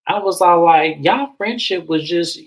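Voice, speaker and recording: A man recapping a reality show in a blunt, gossipy, animated way, casual chat. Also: a little high, a little slow, rough recording.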